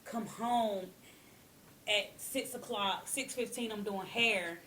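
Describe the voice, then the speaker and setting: A young woman speaks in a relaxed interview, running on candidly about her days as a hairstylist. Her voice sits at an ordinary middle pitch. A faint hum of room ambience runs underneath. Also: takes it slowly. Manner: candid, talks in long runs with frequent "you know what I'm saying". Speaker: hairstylist and guest. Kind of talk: casual interview chat.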